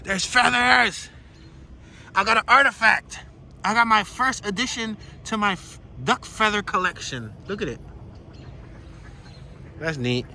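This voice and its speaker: A man's voice: sits high, measured pace, long pauses, bright, forceful tone, a little hiss or hum. A man vlogging casually on a walking tour outdoors by a pond, playful and slangy as he jokes around. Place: outdoors by a pond in cold weather.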